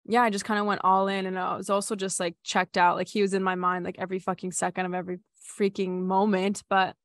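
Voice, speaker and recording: A woman's voice: mid-range voice, flat delivery, fast, a bit bright. A young woman who runs retreats shares a personal story in an open, chatty way, leaning on "like" and dropping casual swears. Her voice sits in a middle register. The sound is close and dry, with no room echo. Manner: candid, filler-heavy with frequent "like", swears casually. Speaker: retreat facilitator.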